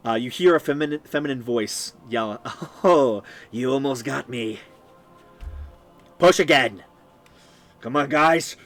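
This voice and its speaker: Male game master narrating scenes, descriptive, halting with ums, mid pitch. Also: a bit bright. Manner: descriptive, with many ums and restarts. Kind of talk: narrating a tabletop game on a live stream.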